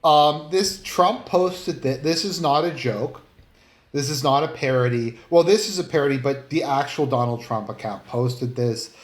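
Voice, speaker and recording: A man's voice: mid-range voice, unhurried. A man giving casual commentary online, rambling and blunt, with many fillers and some swearing. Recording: roomy, echoey room.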